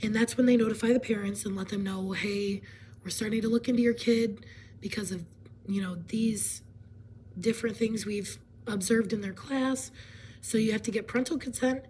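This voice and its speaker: A woman hoarse from laryngitis, partly whispering as she explains a presentation in a casual way, with fillers and frequent throat clearing. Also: mid-range voice, fairly even intonation, normal speed, a little mellow, a little hiss or hum, rough recording.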